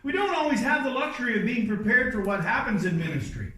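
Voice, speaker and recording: Male pastor with a high voice, conversational sermon, distant mic in a reverberant church. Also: very animated, fast talker, bright, forceful tone. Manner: conversational storytelling with asides and restarts. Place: church sanctuary.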